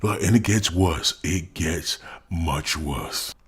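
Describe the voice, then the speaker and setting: A man's voice: deep voice, takes it slowly, slightly rough. A man giving profane, mocking reaction commentary on a video clip, ranting at length.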